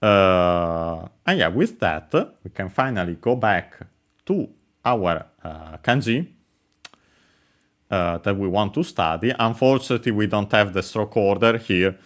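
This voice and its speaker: A man with a very low voice walks viewers through a casual livestream lesson. He speaks slowly, pausing often with fillers and correcting himself as he goes. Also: lively intonation, a bit bright. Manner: hesitant, many fillers and self-corrections. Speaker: language teacher streaming.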